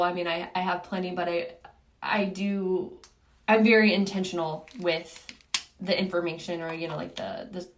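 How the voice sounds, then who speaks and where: Candid woman in her thirties swearing casually. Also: on the low side. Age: 30s. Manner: candid, frequent swearing and fillers. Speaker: podcast host. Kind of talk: casual solo podcast talk.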